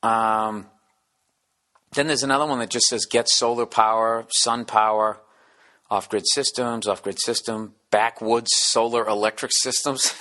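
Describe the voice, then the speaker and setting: A man delivering a profane, rambling comedic rant as a podcast host, dropping now and then into hushed whispers. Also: lowish voice, fairly even intonation, a little slow. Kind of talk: casual comedic monologue.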